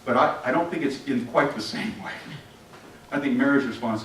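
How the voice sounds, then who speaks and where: Animated man preaching in an echoey church. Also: medium pitch, moderate pace, slight background noise. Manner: animated, asks the congregation questions and acts out scenes. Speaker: pastor. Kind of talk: interactive sermon. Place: church sanctuary. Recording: echoey church from a distant mic.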